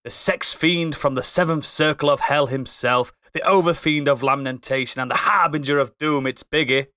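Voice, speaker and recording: A man's voice: a little high, fairly even intonation, normal speed, bright, forceful tone. A man hosting a podcast, introducing his co-hosts in a theatrical, teasing way and giggling often. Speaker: podcast host. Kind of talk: playful show introduction.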